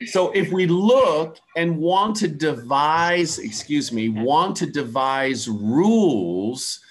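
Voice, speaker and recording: A man from the USA teaching English pronunciation in an online class, patiently repeating words slowly for students to copy. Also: a little high, lively intonation.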